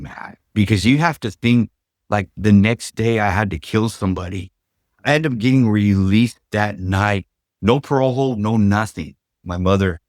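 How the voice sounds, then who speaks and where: A man's voice: low-pitched, dry recording, studio quality. A middle-aged man from Southern California telling his life story in a loose, casual way, full of "like" and "you know".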